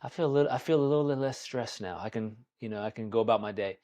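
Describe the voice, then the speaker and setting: A man teaching qigong in a conversation, calm and soothing, who often checks in with "right?". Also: on the low side, fast talker. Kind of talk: guided practice in conversation.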